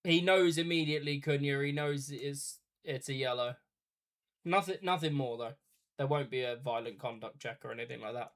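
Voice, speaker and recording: A man's voice: medium pitch, moderate pace. A man streaming a watch party, giving chatty live play-by-play of a football match with casual asides.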